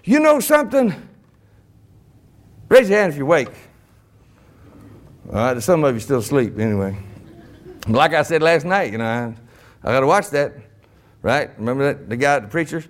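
A middle-aged man preaches with a high, swooping voice that leaps around constantly. He talks in a folksy, animated way and often breaks into shouted bursts. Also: moderate pace, pauses often. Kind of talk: sermon.

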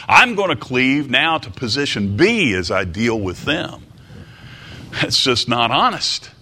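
A middle-aged male preacher with a fairly low voice delivers a sermon. He talks in a measured, deliberate way and often repeats a word or phrase to press a point home. He leans on rhetorical questions to draw the listeners in. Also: a bit bright. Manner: deliberate, repeats words for emphasis.

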